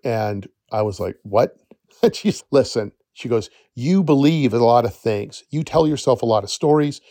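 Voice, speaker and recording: A man's voice: medium pitch, lively intonation, normal speed, warm tone, no room sound, clean studio sound. A middle-aged man hosting a podcast, telling a story in a chatty, rambling way that often corrects itself mid-sentence. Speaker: podcast host, forest educator. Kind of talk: casual storytelling monologue.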